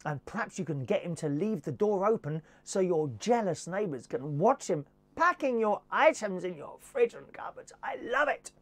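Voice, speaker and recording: A man giving a camp, theatrical comic monologue, slipping into posh and working-class voices. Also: high voice. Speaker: comedy presenter.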